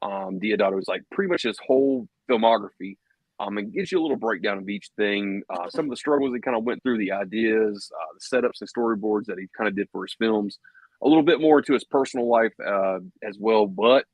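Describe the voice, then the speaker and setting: A man's voice: fairly low pitch, fairly quick, no echo, poor audio. A man co-hosting a podcast, talking in a laid-back, slangy way with casual swearing. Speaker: podcast co-host. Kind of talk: casual chat.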